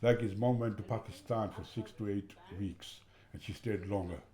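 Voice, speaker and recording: A man, a father and carer, speaking in an interview in a halting way and often saying "you know". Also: lowish voice, steady tone, warm tone.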